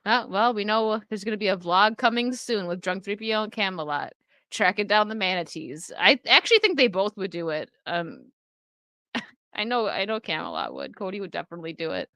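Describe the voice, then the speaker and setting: A woman's voice: mid-range voice, very animated, fairly quick, bright, forceful tone, no room sound, studio quality. A woman chatting casually on her livestream, reacting to chat and laughing often into a desk microphone. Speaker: streamer chatting with live chat.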